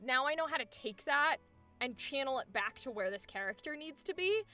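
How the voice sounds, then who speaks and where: A woman's voice: high-pitched, lively intonation, a little fast, sharp tone, soft background music. A young woman coaching a voice actor, explaining animatedly and acting out examples. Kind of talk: coaching session.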